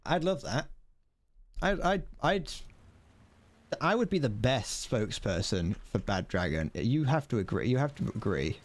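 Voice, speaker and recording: Lively-voiced man streaming a tank game. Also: mid-range voice, a little slow. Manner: chatty, swearing, laughing, talks to chat. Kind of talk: casual gameplay commentary.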